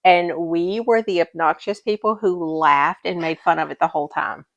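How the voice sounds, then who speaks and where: Animated storytelling woman podcast co-host. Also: fairly low pitch, normal speed, creaky, no room sound, highs cut off. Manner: animated storytelling, mock-exasperated. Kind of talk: casual chat.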